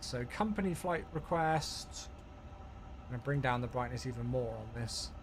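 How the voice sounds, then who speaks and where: A man streaming a flight sim live, chatty and thinking aloud as he thanks viewers warmly. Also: mid-range voice, normal speed, noisy background.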